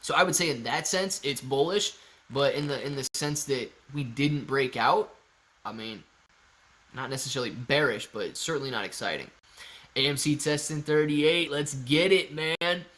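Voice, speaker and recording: A man with a mid-range, fairly bright voice hosts a casual stock live stream from a home setup, speaking at a moderate pace. He reads viewer messages and answers them in an upbeat, chatty way.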